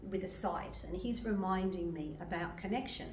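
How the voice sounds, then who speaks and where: An older woman preaches gently from a distance, her voice bouncing around an echoey hall. She shares personal testimony with emotion and laughs often as she speaks. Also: fairly low pitch, moderate pace, slight background noise. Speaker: medium and reverend. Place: church hall.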